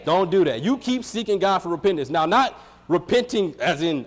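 A male preacher with a somewhat high voice delivers a sermon in a loose, conversational way. He jokes with the congregation and laughs at his own slip-ups. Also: expressive, moderate pace. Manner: casual, joking, self-deprecating, laughs often.

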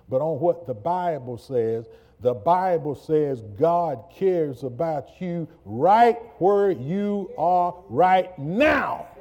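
Man, church sermon, slow pace, dark warm tone, repeats words. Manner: preaching, swings from low and slow to loud shouted bursts; repeats words and stammers when excited. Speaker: pastor.

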